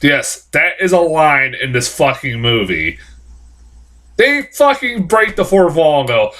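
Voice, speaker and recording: A man's voice: on the high side, a little slow. A man giving a casual, rambling film review, swearing often and restarting his sentences, with sarcastic outbursts. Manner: rambling, profane, lots of restarts; animated, jumps into sarcastic reactions.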